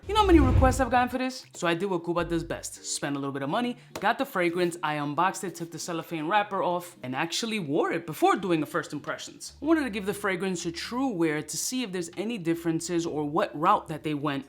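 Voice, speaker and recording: A man hosting a casual fragrance review, talking in an animated, slangy, joking way. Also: on the high side.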